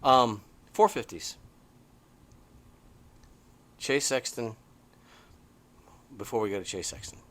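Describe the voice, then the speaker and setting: A middle-aged man co-hosting a podcast in an easygoing chat, his voice sitting at an ordinary pitch. He gets excitable as he tells stories, and his emphasis rises and falls sharply. It sounds like a relaxed talk out on a porch. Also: slow, long pauses, slight background noise. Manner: animated, excitable storytelling with big swings in pitch. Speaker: podcast co-host. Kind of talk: casual chat. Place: porch, outdoors.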